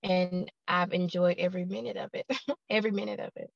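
An American woman in her thirties, originally from Alabama, answering interview questions earnestly with many "um"s and repeated words. Her voice has a strong vocal fry, and the recording sounds dry and a little dull. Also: fairly low pitch, fairly even intonation, a little fast, no echo. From Alabama, United States. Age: 30s. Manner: earnest, repeats herself, frequent "um". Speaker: podcast guest, YouTuber. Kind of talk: casual interview chat.

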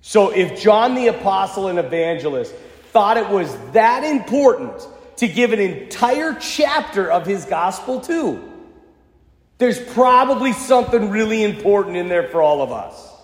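A man in his thirties, a pastor preaching a sermon, telling a personal story in a relaxed conversational way with self-deprecating humor. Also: sits high, unhurried. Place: church. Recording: echoey church with long reverb.

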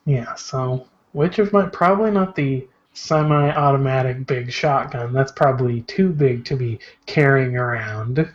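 A man playing a tabletop game, thinking aloud in a slow, musing way. His call audio sounds dull and lo-fi. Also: mid-range voice. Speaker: player. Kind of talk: casual tabletop role-play.

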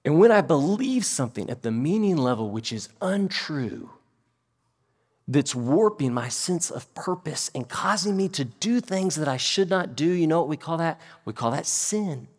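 A male pastor with a slightly high voice preaches at a moderate pace before a congregation in a church sanctuary. He is animated and quizzes his listeners with questions along the way. The recording carries a long hall reverb.

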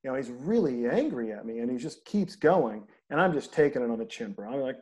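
A man in casual conversation, telling an animated anecdote and acting out the people in it. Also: mid-range voice, a little fast, few pauses. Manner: animated anecdote teller, acts out quoted people. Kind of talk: casual storytelling chat.

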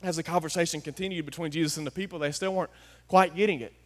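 A man preaching a folksy sermon, swinging from hushed asides to loud, emphatic declarations. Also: on the high side, steady tone, rapid-fire. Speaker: pastor.

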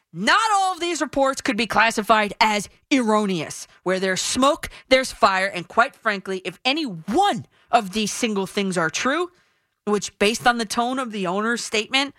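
A woman's voice: mid-range voice, expressive, normal speed, a bit bright, no echo. A woman hosting a sports radio show, giving her opinions in a punchy, emphatic way into a studio microphone.

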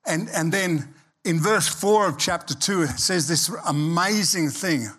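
A man preaching a sermon as pastor, animated and emphatic, acting out quoted voices. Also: fairly high pitch, unhurried.

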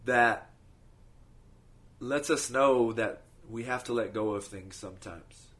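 A man's voice: mid-range voice, slow, fairly bright tone. A man hosting a podcast, telling short stories in an easygoing way with frequent restarts. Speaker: podcast host. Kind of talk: casual storytelling.

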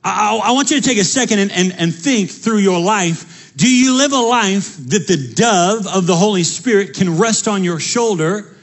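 High, husky-voiced preaching pastor. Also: male voice, normal speed. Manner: animated preaching with repeated phrases and stammered restarts. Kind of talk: sermon.

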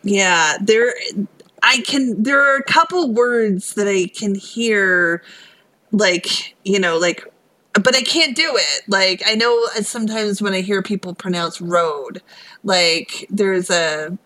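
A woman from Philadelphia with a light Philly accent, chatting casually as a podcast co-host, laughing often and filling pauses with um and yeah. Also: medium pitch, bright, forceful tone, poor audio. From Philadelphia, USA. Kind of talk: casual chat.

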